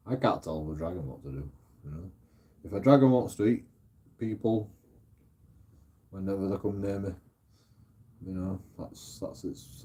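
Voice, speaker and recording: A man's voice: low voice, dark tone, breathy edge. A middle-aged man, chatting casually as a streamer, rambling, repeating himself and swearing often.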